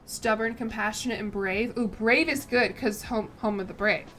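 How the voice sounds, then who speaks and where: A woman's voice: a little high, steady tone, moderate pace, fairly bright tone, soft background music. A young woman streaming a strategy game, chatting casually and thinking aloud in a self-deprecating way. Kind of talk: casual gameplay commentary.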